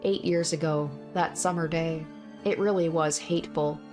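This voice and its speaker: A woman's voice: deep voice, steady tone, moderate pace, music in the background, close to an everyday voice. A woman reading the first-person narration of a young man, in a grim, repetitive inner monologue from a visual novel. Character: young man narrating his own bloody fight. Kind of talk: visual novel read aloud.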